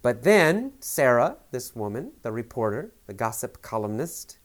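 A man teaches English by retelling a film scene for learners. He keeps rephrasing each point in simpler words, pausing on hesitant fillers. His voice sits at an ordinary middle pitch. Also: sing-song.

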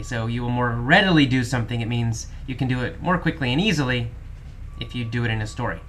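A man teaching English vocabulary, explaining each word slowly and repeating it in simple terms. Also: a little high, sharp tone. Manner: slow, repetitive explaining. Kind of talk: vocabulary lesson.

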